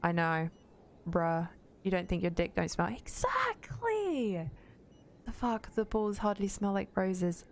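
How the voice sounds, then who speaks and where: A woman's voice: lowish voice, steady tone, moderate pace. A young woman streaming a game, chatting bluntly with viewers and swearing freely. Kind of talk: casual gaming stream chat.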